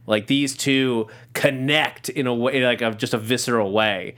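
A man's voice: medium pitch, a little fast, hardly any pauses, a bit bright. A man co-hosting a podcast, chatting casually about a TV show, rambling with many restarts and laughing often. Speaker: podcast co-host. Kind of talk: casual TV recap chat.

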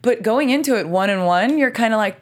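A woman's voice: on the high side, animated, a little fast. A woman co-hosting a casual sports talk show, giving her views on a boxing match with lots of "like" and "you know.". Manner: chatty, uses many fillers like "you know" and "like". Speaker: co-host. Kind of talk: casual fight chat.

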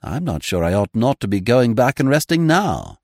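A man voicing a young gentleman who speaks with elaborate, drily witty politeness. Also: medium pitch, sing-song, moderate pace, no echo, studio quality. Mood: suave. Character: suave, languid young English gentleman.

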